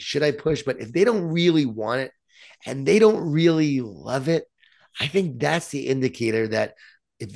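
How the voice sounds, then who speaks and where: A middle-aged man chatting casually about raising his kids. He tells his stories with animated energy and acts out the quoted lines. His pitch sits in the middle range. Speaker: parent guest. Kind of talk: casual conversation.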